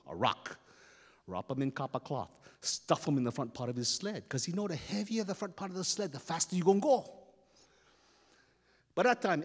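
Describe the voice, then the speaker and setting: Animated storyteller with a Hawaiian Pidgin accent. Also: male voice, sits high, big-room sound. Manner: animated, dramatic, explains slang. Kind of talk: live folktale telling. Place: festival stage.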